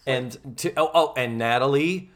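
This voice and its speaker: A man co-hosting a casual podcast, recapping a sitcom episode with animated delivery and free swearing. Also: mid-range voice, a little slow. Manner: animated, swears freely, acts out quoted lines. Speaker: podcast co-host.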